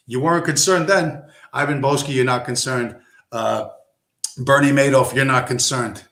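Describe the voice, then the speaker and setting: A man's voice: mid-range voice, normal speed, fairly bright tone, echoey room. A man hosting a stream, ranting in a profane, aggressive, sarcastic way. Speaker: stream host. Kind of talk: ranting live-stream commentary.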